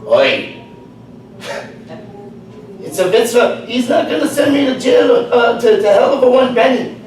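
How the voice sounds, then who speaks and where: A man's voice: very high-pitched, very animated, unhurried, a little mellow, pitched above the performer's own voice, full character voice. A man playing a cheap man tempted by a penny in a joke, in an echoey room from far off. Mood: eager. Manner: exclaiming, hammy.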